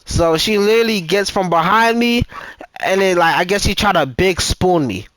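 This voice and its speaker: A man's voice: high voice, moderate pace, fairly bright tone, no echo, low-quality recording. A man in his twenties on a gaming voice chat, telling a story in casual, profane talk, stumbling and repeating himself as he goes.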